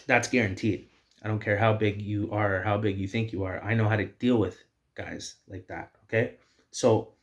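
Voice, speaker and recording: A man's voice: lowish voice, a bit bright. A man hosting a video, delivering heated, repetitive personal commentary. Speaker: video host.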